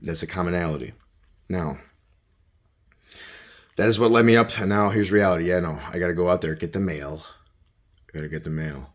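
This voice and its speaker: Low-voiced man rambling to himself. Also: brisk, pauses often. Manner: talks to himself in second person, profane. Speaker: vlogger. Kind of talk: rambling self-talk vlog. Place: around his home and garage. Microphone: handheld phone.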